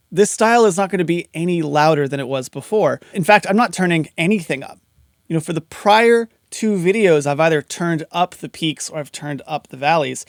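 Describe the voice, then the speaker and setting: A man's voice: a little high, no echo, studio quality. A man teaching audio compression in a casual, step-by-step tutorial, talking through each setting as he goes. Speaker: audio mixing instructor. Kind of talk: screen-recorded tutorial explanation.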